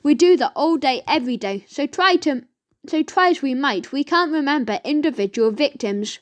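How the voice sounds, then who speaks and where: A woman voicing a brutish, greedy male ice-cream van thief who barks his lines loudly. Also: high-pitched, lively intonation, normal speed. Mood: smug. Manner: loud, blustering, barking.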